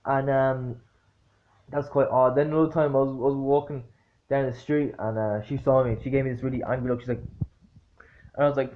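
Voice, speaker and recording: A man tells a story straight to the camera in a loose, halting way, stumbling over fillers and restarts. He is blunt and swears easily, with an exasperated edge. His voice sits at an ordinary pitch, and the recording sounds dull and lo-fi. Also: fairly even intonation, slight background noise. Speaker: vlogger. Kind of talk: casual anecdotal storytelling.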